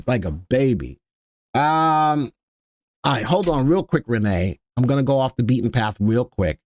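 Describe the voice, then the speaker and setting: A man hosting a live stock-market stream in an easy, chatty way, joking with the chat and repeating his key points. His voice sits at an ordinary middle pitch. The recording is dry and close-miked. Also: animated, moderate pace, no echo. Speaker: livestream stock analyst host.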